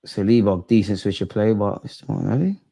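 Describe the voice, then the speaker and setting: A young man hosting a live football watch-along, animated and slangy, swinging from loud outbursts to low muttering. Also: a little fast, creaky, breathy edge.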